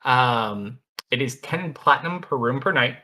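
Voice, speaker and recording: A man narrating as game master of a tabletop game, joking with the players as he runs the scene. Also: medium pitch. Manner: lively, joking, quick asides to players.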